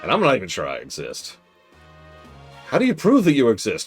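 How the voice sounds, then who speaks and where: A man streaming a strategy game, chatting casually and animatedly, with mock-exasperated outbursts and quiet mutters to himself while he plays. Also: medium pitch, wildly swooping pitch, fairly quick, husky, soft background music.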